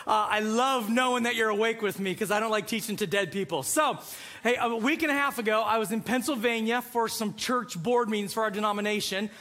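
A man preaching a sermon as a pastor, telling a lively story and acting out the voices in it. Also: high-pitched, brisk. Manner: animated storytelling, acts out voices.

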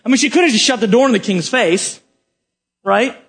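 A man preaching a sermon to a live congregation, swinging from loud emphatic questions to quiet explanation. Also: very high-pitched, fairly quick, breathy edge. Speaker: pastor.

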